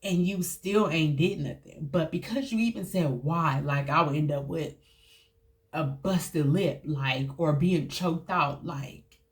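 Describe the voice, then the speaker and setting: Low-voiced woman talking straight to camera about her past, halting, lots of likes and ums. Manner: candid, halting, frequent fillers and restarts. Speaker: host. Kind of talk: personal storytelling to camera.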